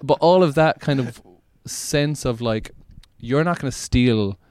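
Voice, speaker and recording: A man's voice: medium pitch, a little slow, darkish tone, smooth. An Irish man hosting a podcast, talking in a casual, rambling way with many restarts. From Ireland. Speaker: podcast host.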